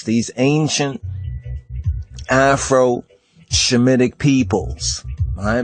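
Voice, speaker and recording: A man's voice: lowish voice, no room sound. A man teaching from a screen share, checking in with "right?" after nearly every phrase and repeating words as he goes. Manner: Rastafari speech, says "I and I". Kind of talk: screen-share lecture on ancient symbols.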